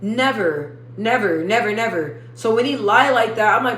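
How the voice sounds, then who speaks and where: A young woman chats through a casual livestream, answering viewer comments with rambling, slangy asides. Her voice sits at a middling pitch, lifted above her naturally lower register. It carries the echo of a bare room with a faint hum underneath. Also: expressive, normal speed, few pauses, a bit bright. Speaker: livestream host.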